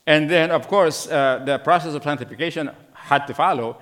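Preaching at a moderate pace, this middle-aged pastor has a fairly high pitch and a fairly bright tone. He keeps questioning his congregation and acts out the voices found in the scripture story.

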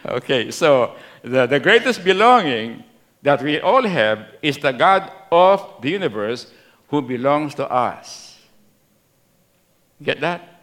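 A middle-aged male pastor with a Filipino Kapampangan accent, preaching a sermon, repeating key phrases slowly and asking the congregation for responses. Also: fairly high pitch, a bit bright.

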